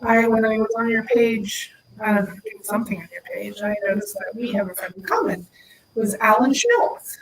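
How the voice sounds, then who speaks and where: A woman guest in casual chat, chatty and animated as she tells stories. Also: a little high, moderate pace, slight background noise, low-quality recording.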